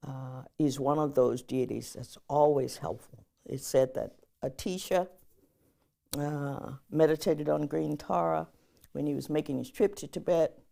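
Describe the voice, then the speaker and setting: A woman professor giving a public lecture, telling stories in a lively way and leading the audience in chanting. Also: deep voice, measured pace, vocal fry.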